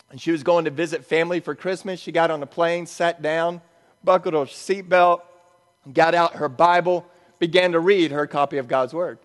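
Pastor guy, highish voice, chatty sermon with jokes, big echoey church. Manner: conversational with joking asides. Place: church sanctuary.

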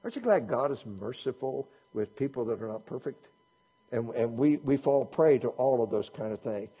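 A man's voice: medium pitch, lively intonation, normal speed, warm tone, breathy edge. A man preaching a sermon in a conversational way, asking his listeners many rhetorical questions. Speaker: pastor.

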